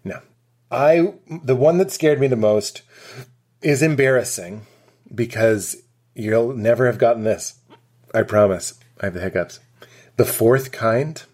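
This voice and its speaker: A man's voice: mid-range voice, a little slow, pauses often. A man, a comedian guest on a podcast, chatting casually and telling stories with lots of acted-out quotes and laughter. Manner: animated storytelling, acts out quotes, laughs often.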